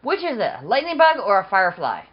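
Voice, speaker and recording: A woman's voice: mid-range voice, huge pitch swings, fast talker, highs cut off. A woman co-hosting a podcast, reading quiz questions and giving short answers. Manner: reads quiz questions, brief replies. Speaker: podcast co-host. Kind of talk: casual chat.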